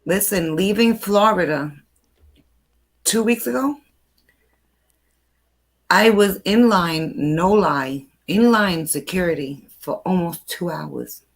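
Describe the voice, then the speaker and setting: A woman's voice: on the low side, takes it slowly, long pauses. Chatty older New woman. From New York. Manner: chatty, animated storyteller. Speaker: host. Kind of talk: casual chat.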